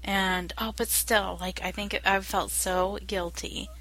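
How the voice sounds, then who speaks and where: A young adult woman in casual chat, talking slowly and hesitantly with many fillers. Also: medium pitch, steady tone, a bit bright, poor audio. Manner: slow, hesitant, lots of fillers.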